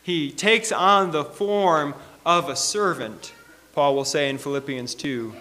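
A man preaching a sermon in an earnest, emphatic way, slowing down to stress key phrases and reading scripture aloud to the congregation. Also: on the high side, pushed and bright.

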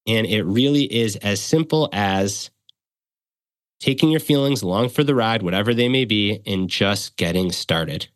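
A man's voice: fairly low pitch, unhurried, no room sound. A man speaking as a guest expert, explaining ideas earnestly in a coaching tone with practical examples. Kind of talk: conversational explanation.

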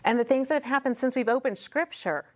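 Animated woman teaching a women's Bible study. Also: high-pitched, quick pace. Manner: animated, acts out dialogue in quoted voices; emphatic, repeats key phrases. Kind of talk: live teaching to a women's group. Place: room in a church building. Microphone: wearing a personal mic.

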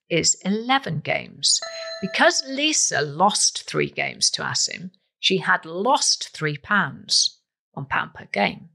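Lively woman hosting a quiz. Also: fairly low pitch, creaky. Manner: playful, emphatic, lively delivery. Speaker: quiz host. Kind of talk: scripted quiz podcast presenting.

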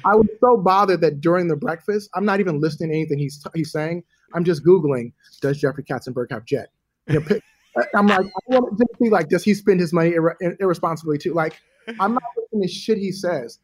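A middle-aged man telling a story in a casual interview, animated and profane, acting out the people in it. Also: on the high side, brisk, slightly rough. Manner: animated, profane, acts out voices in anecdotes. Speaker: guest.

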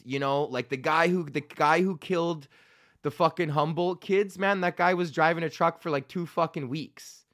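A man's voice: a little high, normal speed, a bit bright. A young man hosting a podcast, ranting in a rambling, profane way and often laughing at himself. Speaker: podcast host. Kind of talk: casual ranting monologue.

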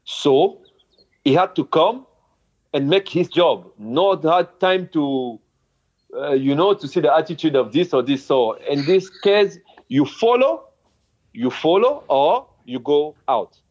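A man's voice: fairly high pitch, animated, a little mellow. Man in a dull lo-fi recording. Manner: halting non-native English, vivid retelling. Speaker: former footballer telling his story. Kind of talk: recounting memories in an interview. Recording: dull lo-fi sound.

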